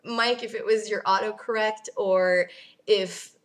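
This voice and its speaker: A woman's voice: mid-range voice, fairly even intonation, measured pace. A young woman vlogging casually, ranting bluntly and sarcastically, swearing and laughing as she answers viewer questions.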